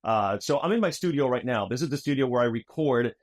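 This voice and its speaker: A man with a mid-range voice talks fast and excitedly as a podcast guest. He tells stories about his trivia show with easy slang like dude and my friend. He is recorded in his own studio under overhead microphones. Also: medium pitch. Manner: energetic, says dude and my friend. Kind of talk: lively storytelling conversation.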